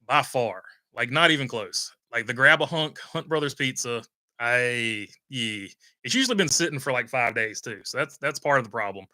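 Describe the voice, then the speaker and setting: A man's voice: medium pitch, expressive, normal speed, bright, forceful tone, dry recording. A man hosting a casual livestream, reading out viewer comments and rambling with lots of "uh" fillers. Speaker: host reading live chat.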